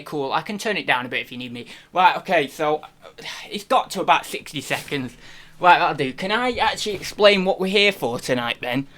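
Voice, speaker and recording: A man hosting a reselling live stream chats casually, rambling and putting himself down. His voice is on the high side, pushed and bright.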